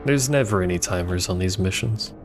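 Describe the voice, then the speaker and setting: Gravelly man rambling over gameplay. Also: deep voice, brisk, over music. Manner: rambling, playful asides. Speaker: game streamer. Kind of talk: casual gameplay commentary.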